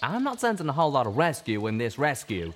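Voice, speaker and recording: A man's voice: mid-range voice, very animated, fast talker, a little hiss or hum, voice pushed up, natural voice. A man voicing a weary male pony gunslinger who mutters dry sarcasm. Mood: wry.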